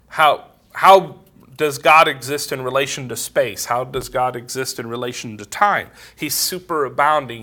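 Slow, bright-voiced man teaching theology. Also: mid-range voice. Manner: digressive, full of "you know" asides. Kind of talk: casual theology lecture.

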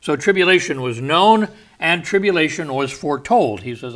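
A man teaching a verse-by-verse Bible study, stressing and defining key words at a measured, deliberate pace. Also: a little high, animated, a bit bright.

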